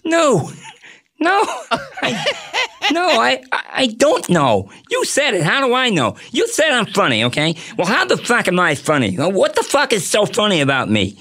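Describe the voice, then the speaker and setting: A man puts on a volatile middle-aged mobster, bright-toned and menacing, who keeps pressing the same question over and over with a swear thrown in. His pitch jumps around a lot as he needles the other guy. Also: wildly swooping pitch, moderate pace, a little hiss or hum, exaggerated voice. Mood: angry.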